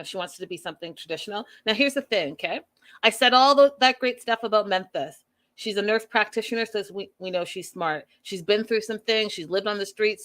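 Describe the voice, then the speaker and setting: A woman hosting a live show recap, giving her opinions in an animated way and talking to the live chat. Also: on the high side. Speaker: host.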